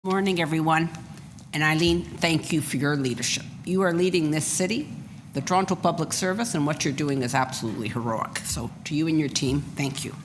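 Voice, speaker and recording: A woman, a deputy city manager, giving a brisk, organized briefing presentation. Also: sits low, noisy background.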